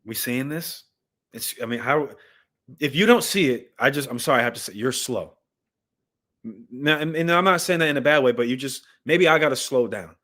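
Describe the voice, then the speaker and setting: Male livestream commentator, mid-range pitch, impassioned, reads texts aloud and addresses viewers directly. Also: normal speed, a bit bright. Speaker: livestream host and Bible commentator. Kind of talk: live news commentary with scripture reading.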